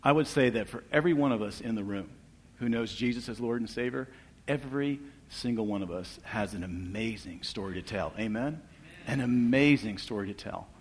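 A middle-aged man giving an earnest church testimony, asking for amens and dropping soft and low at tender moments. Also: a little fast, slightly rough. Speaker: guest speaker sharing testimony. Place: church hall. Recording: long reverb of a large hall.

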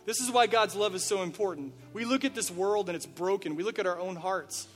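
High-voiced man preaching in an echoing hall. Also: brisk, a bit bright. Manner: earnest, direct address with rhetorical questions. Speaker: pastor. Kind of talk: sermon. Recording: reverberant hall with faint music.

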